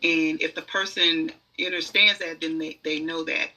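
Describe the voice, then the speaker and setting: A woman's voice: sits low, steady tone, moderate pace, bright, forceful tone, poor audio. A woman who is a guest oracle reader, telling stories in conversational podcast talk, emphatic and acting out the inner voices she describes.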